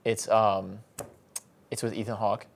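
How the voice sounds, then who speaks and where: A man's voice: lowish voice, flat delivery, gravelly, a crowd in the background. Young man laughing through casual chat. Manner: laughs easily, quick reactions. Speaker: podcast co-host.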